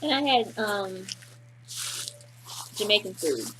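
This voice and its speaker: A woman's voice: medium pitch, very animated, takes it slowly, background noise. A woman co-hosting a casual home vlog, telling a story in a chatty, rambling way. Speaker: host's wife, co-host.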